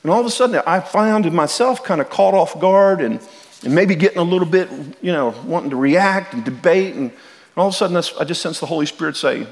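Earnest middle-aged pastor in a reverberant hall. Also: male voice, high voice, expressive, quick pace. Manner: earnest, repeats and restarts words, talks to the congregation. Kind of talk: sermon. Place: church sanctuary.

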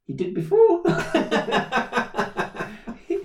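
A young man, telling a story in animated, slangy casual chat. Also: very high voice, drawn-out words, creaky, recorded from a distance, lo-fi sound. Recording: roomy echo, a bit off-mic.

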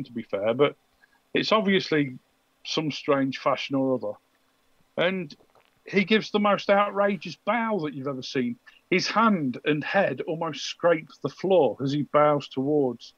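Slow gravelly man narrating a tabletop game. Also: fairly high pitch, animated, a bit bright, no room sound, dull audio. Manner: descriptive, hesitant with ums. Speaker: game master.

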